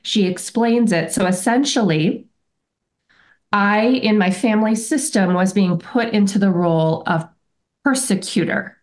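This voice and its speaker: A woman's voice: mid-range voice, unhurried. A woman guest on a podcast, telling a personal story in a reflective, earnest way and sometimes restarting her sentences. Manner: reflective and earnest, often self-correcting. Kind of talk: conversational interview storytelling.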